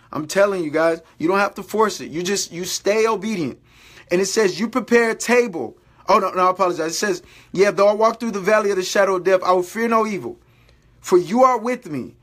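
A man's voice: high-pitched, fairly bright tone. A man giving an informal sermon to online viewers, exhorting them, repeating phrases and calling them "guys". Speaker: preacher.

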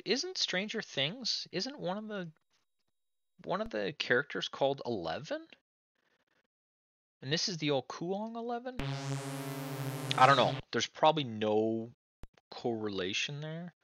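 A man hosting a let's play, chatting to viewers in a chatty, excitable way as he plays an old computer game. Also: a little high, a little slow, pauses often, dry recording, highs cut off. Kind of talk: casual game commentary.

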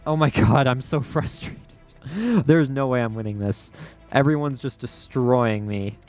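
A man giving excitable gameplay commentary as a YouTuber, yelping and laughing often as things happen. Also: mid-range voice, soft background music. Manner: excitable, quick to yelp and laugh. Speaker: gaming YouTuber.

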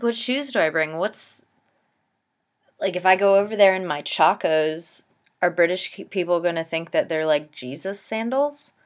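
A woman in her twenties from the East Coast of the United States, chatting to her camera at home in a rambling way full of "like" and "um". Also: on the low side. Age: 20s. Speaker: vlogger. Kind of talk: casual chat to camera.

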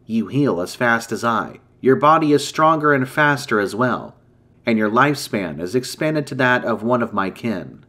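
A man voicing an ancient, grave female dragon in human form, speaking in a measured, formal way in a campfire story. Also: medium pitch, lively intonation, pushed and bright. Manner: solemn, measured, formal speech.

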